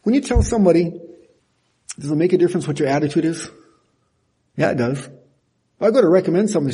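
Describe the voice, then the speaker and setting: An older man gives a sermon, his tone folksy and animated, with small laughs at his own expense. His voice is husky and mellow, pitched a little high for a man. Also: fast, long pauses. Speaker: pastor.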